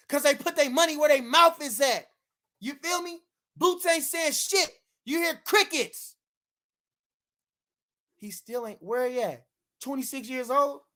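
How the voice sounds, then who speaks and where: A man streaming a heated boxing rant to his live chat, loud and repetitive, swearing freely and breaking into shouts. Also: very high voice.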